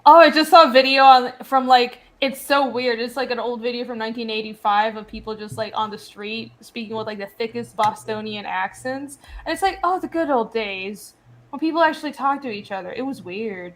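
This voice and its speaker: A woman's voice: a little high, fairly quick, a bit bright. A woman co-hosting a casual chat, giggly and chatty. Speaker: comics creator co-host.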